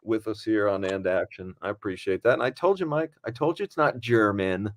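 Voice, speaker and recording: A man hosting a casual podcast, telling animated anecdotes and acting out the quotes. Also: fairly low pitch, fairly quick. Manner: animated storyteller, acts out quotes. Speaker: podcast host and film director.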